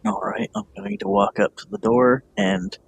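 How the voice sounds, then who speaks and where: A man's voice: mid-range voice, big pitch swings, normal speed, vocal fry, slightly rough. A man playing a tabletop game, chatting casually, swearing and laughing easily. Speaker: player. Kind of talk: casual chat and tabletop play.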